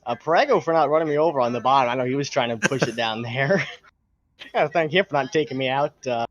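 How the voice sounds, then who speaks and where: A man's voice: mid-range voice, fast talker, no echo, muffled recording. A man being interviewed after the race from his room at home, tired and candid about his frustration.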